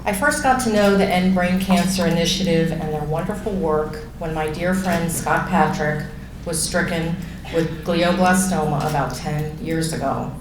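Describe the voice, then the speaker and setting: A woman's voice: lowish voice, noisy background. A woman giving an earnest, formal prepared speech at a luncheon, standing back from the mic. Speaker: nonprofit treasurer giving a speech. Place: large banquet room. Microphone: standing mic at a distance. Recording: echoey hall, heard from far off.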